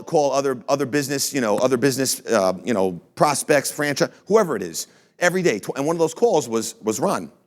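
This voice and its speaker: Brash, energetic man telling stories. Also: medium pitch. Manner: energetic storyteller, brash and boastful. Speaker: franchise CEO and speaker. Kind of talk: motivational talk to an audience.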